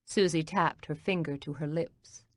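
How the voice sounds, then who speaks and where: A woman reading a cozy mystery audiobook as narrator, in a calm, even storytelling manner. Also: sits low, unhurried, no echo.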